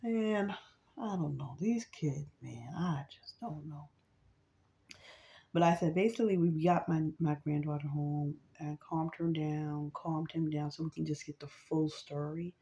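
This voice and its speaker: A woman's voice: sits low, steady tone, measured pace, warm tone, lo-fi sound. A woman, a grandmother, telling a family story in a rambling, casual way with lots of fillers and restarts. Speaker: vlogger.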